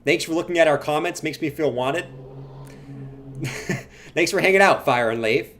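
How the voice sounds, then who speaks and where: Jokey streamer guy with a slightly higher voice, riffs with chat and walks through charts. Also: normal speed, a little hiss or hum. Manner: playful, jokey banter with chat, bursts of loud chanting. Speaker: livestream host. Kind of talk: casual livestream chat and chart analysis.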